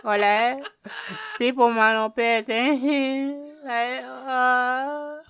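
A young man putting on an overdone Pakistani accent, pitched high and whiny, as a joke on a podcast. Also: steady tone, drawn-out words, bright, forceful tone, smooth, no room sound, studio quality, exaggerated voice. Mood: mock serious. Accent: put-on Pakistani.

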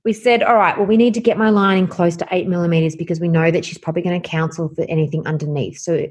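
A woman's voice: on the low side, fast talker, slightly rough. A woman, a guest candidly telling a personal story and acting out the conversations in it. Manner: animated, acts out quoted dialogue. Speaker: guest sharing her story.

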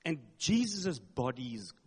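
A man's voice: medium pitch, big pitch swings, unhurried, a little mellow, slightly rough. A male pastor preaching a sermon, retelling a story dramatically with emphatic, repeated words. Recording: long hall reverb.

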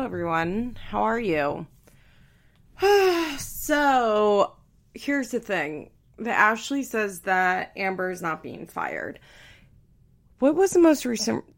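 A woman podcast host with a gravelly, fry-edged voice, talking casually and candidly to her listeners. She reads quoted lines in a flat, offhand way. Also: mid-range voice. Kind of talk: casual podcast chat, reading a transcript aloud.

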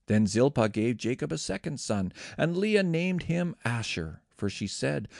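A man reading scripture aloud in a measured, expressive way. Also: mid-range voice, vocal fry, no echo, clean studio sound. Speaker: scripture reader.

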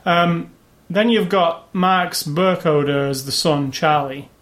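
A man's voice: fairly high pitch, steady tone, takes it slowly, a bit bright. A man co-hosting a casual movie review chat, opinionated as he goes through the cast.

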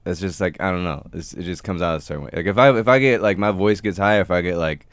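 Detroit-raised male guest, deep and unhurried, dry sound. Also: no room sound. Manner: low-key, hesitant, many fillers. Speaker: podcast guest. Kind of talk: casual chat.

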